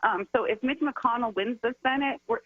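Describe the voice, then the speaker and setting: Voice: medium pitch, moderate pace, husky, no room sound, narrow, tinny audio. A political strategist and organizer speaking as a radio guest, impassioned and repetitive, hammering points and getting heated while sick. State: says they are sick. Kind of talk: passionate call-in radio commentary.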